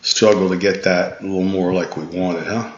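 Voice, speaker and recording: A tired man with a low voice coaches a golf student through a swing analysis, patient and instructive and often restarting his sentences. The recording is echoey and dull, with a lo-fi edge. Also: fairly even intonation, a little fast, slight background noise. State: tired, yawning. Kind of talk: swing analysis voice-over lesson.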